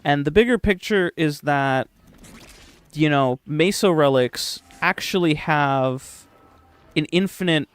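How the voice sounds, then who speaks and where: A man's voice: a little high, slow, clean tone, dry recording. A young man streaming a game live, joking and swearing as he chats with his viewers at a desk microphone. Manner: profane, joking, talks to chat. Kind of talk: casual live-stream chat.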